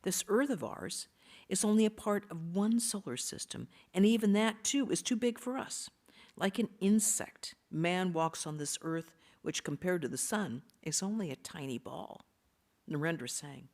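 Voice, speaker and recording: A woman reading a spiritual text aloud to a study group, slow and measured, often sinking into soft half-whispers and pausing to explain terms. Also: lowish voice, lively intonation. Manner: pauses to explain terms in a plain aside.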